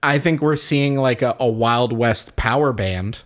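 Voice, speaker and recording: A man's voice: mid-range voice, unhurried, a bit bright. A man co-hosting a casual chat, eager, laughing often and swearing. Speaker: podcast co-host.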